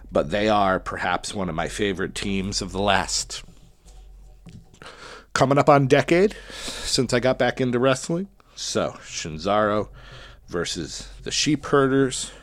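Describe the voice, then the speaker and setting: On a dry recording, a man with a lowish voice hosts a wrestling podcast. His casual solo commentary covers his tournament picks as he chats and thinks out loud about the winners.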